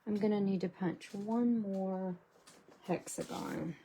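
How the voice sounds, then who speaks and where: A middle-aged woman hosting a casual card-making tutorial, chatty and unhurried, thinking aloud as she works at her craft table. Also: mid-range voice, sing-song, vocal fry, noisy background.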